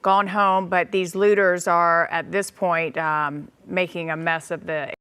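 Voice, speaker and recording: A woman field reporter delivering a live update in a steady, declarative way. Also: lowish voice, a little slow, smooth.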